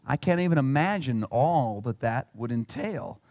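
A male pastor preaching a sermon in an animated, emphatic way. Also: medium pitch, normal speed, dry recording, clean studio sound, long reverb tail. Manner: animated and emphatic, acting out quotes.

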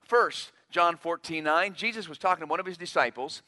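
Bright, high-voiced male preacher. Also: a little fast. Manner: emphatic, acts out quotes in a raised voice. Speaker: pastor. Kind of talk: sermon.

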